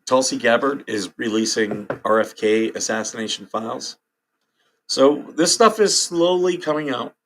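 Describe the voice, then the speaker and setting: Through a little hiss or hum, a medium-pitched man speaks at normal speed while hosting a casual livestream. He has hiccups, chats with viewers, reads headlines aloud, and reacts with frequent laughs.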